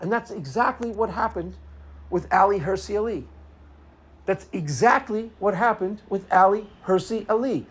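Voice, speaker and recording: A man's voice: high voice, normal speed, breathy edge. Male video commentator, unscripted monologue, sarcastic and combative, hammers each point twice.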